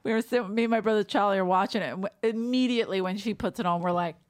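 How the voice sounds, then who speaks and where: A woman's voice: medium pitch, rapid-fire, no echo, studio quality. A woman co-hosting a comedy podcast, chatting casually and laughing often. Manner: lively, laughs often, tells stories. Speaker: podcast co-host.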